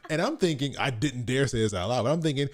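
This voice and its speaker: A man's voice: mid-range voice, lively intonation, fast talker. A man in his thirties co-hosting a podcast, telling a rambling story with laughs and repeated words. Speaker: podcast co-host. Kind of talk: casual storytelling chat.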